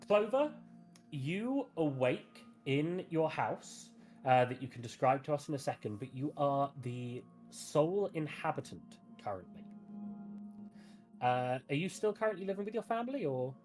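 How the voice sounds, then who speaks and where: A female game master narrates a tabletop game slowly and with hesitant fillers. Her pitch moves around a lot. Faint music plays behind her. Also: lively intonation, a little mellow.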